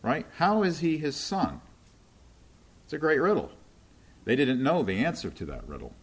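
A man's voice: mid-range voice, sing-song, normal speed, breathy edge. A man preaching in a conversational teaching style, often checking in with his listeners as he explains scripture. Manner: checks in with listeners often, asking "right?" and "okay?".

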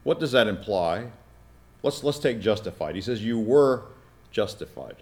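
A man with a somewhat low voice preaches a teaching sermon. He explains step by step, puts questions to his listeners and checks with them as he goes. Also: animated, moderate pace, a little mellow. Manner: teaching, asks the congregation questions and checks with "all right?". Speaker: pastor.

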